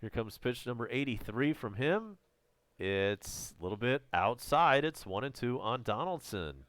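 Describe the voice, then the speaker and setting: A man with a Southern American accent calling live baseball play-by-play as a fan, chatty between pitches and loud on home runs, his voice strained and close to giving out. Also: unhurried, no room sound. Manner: casual, chatty calls with excited home run shouts.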